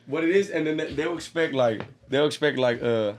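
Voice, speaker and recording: A man's voice: a little high, fairly quick, a little hiss or hum. A young man who raps, a guest in a casual chat, talking in a laid-back way and often saying "yeah". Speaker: rapper guest.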